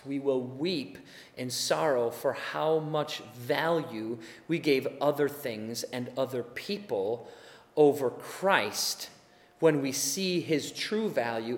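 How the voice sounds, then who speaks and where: A man preaching a sermon as pastor, earnest, swinging from hushed, slow asides to loud shouted urging. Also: medium pitch, echoey room, in a large hall.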